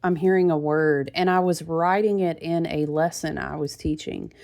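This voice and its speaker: A woman's voice: low-pitched, fairly even intonation, moderate pace, darkish tone. A woman giving a casual spiritual card reading to her viewers, chatty and familiar, calling them friend and honey.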